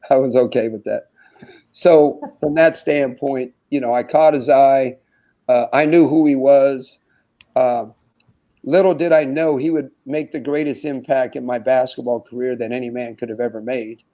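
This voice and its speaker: A man's voice: medium pitch, normal speed, dull audio. A man in his sixties from the United States, a former basketball player telling anecdotes as a podcast guest, acting out dialogue and chuckling often. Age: 60s. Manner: animated storyteller who acts out dialogue, chuckles often. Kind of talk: anecdotal storytelling in an interview.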